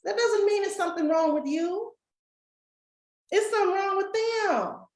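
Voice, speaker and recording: A woman's voice: very high-pitched, measured pace, roomy sound, poor audio. A woman giving a folksy motivational talk to a live and online audience, speaking straight to the crowd. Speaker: summit speaker and coach.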